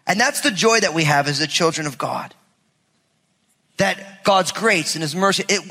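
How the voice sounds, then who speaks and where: A man, a pastor, preaching a lively, conversational sermon with humor in a church. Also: sits high, in a large hall.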